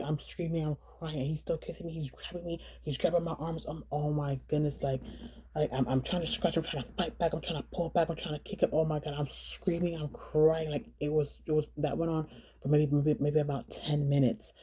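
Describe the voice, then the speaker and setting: A woman telling her own story in a vlog, halting and earnest, often repeating words and phrases. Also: low-pitched, fairly even intonation, mellow, breathy edge. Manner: earnest, urging viewers to slow down.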